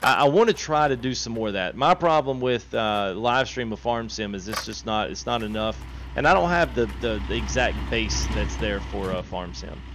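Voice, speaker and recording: A man's voice: lowish voice, expressive, normal speed, background noise. A man, chatting casually on a live game stream, reading chat and laughing often. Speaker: gaming streamer.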